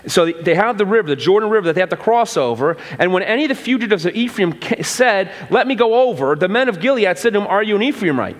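A man's voice: high voice, expressive, quick pace, few pauses, long reverb tail. A male pastor giving a conversational sermon, often restarting phrases and acting out quotes. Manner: conversational preaching with repeated restarts and acted-out quotes. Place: church sanctuary.

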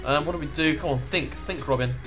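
A man giving casual Let's Play commentary, excitable, swearing and laughing as he plays. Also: a little high, fast talker, music in the background.

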